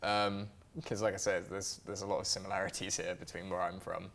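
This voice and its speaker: A young man, relaxed and chatty, asking questions on a casual podcast. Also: deep voice, brisk, vocal fry. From Somerset, England. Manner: relaxed, laughs, many fillers like "like". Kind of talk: casual chat.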